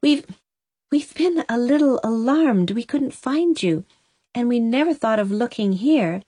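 A woman reading the part of a gentle young mother speaks tenderly and soothingly, in a slightly raised voice. The sound is close and dry, and this is a storybook reading. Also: on the high side, lively intonation, a little slow, no echo, voice pushed up.

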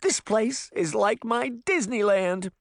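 A man voicing a brash, mischievous boy who gets excited over creepy things, in a storybook reading. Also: high-pitched, takes it slowly, creaky, dry recording, clean studio sound, voice pushed up, full character voice. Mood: delighted.

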